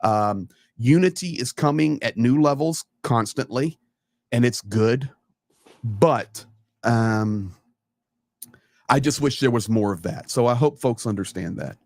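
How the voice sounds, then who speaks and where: An earnest man talks on a live stream, stressing his points by repeating words. He sits close to the mic and the sound is dry, with little room in it. His voice stays at a middle pitch for a man. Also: a little slow, no room sound. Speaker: live stream guest commentator. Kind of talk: casual live-stream talk.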